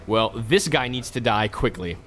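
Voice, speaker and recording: Male let's-play host, mid-pitched, casual and chatty, cracks jokes to viewers while he plays. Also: animated, moderate pace, a bit bright. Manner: chatty, joking asides to viewers. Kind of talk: casual gameplay commentary.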